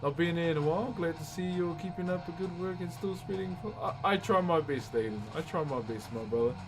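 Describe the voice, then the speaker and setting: Music plays behind a man with a New Zealand accent who carves wood on a live stream, casually chatting with viewers and calling each of them bro. He sounds high-pitched and a little fast, and the recording is low quality.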